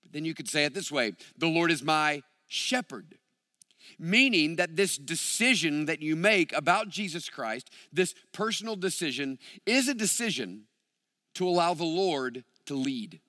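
A man preaching a sermon as a pastor, reading scripture and stressing key phrases with deliberate emphasis. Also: high-pitched, pushed and bright, no echo, studio quality, long reverb tail.

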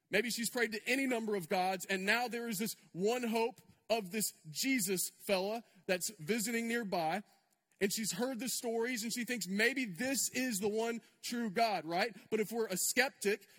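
A man preaching a sermon to a congregation in a lively, conversational way, full of rhetorical questions. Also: high-pitched, normal speed, big-room sound. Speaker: pastor.

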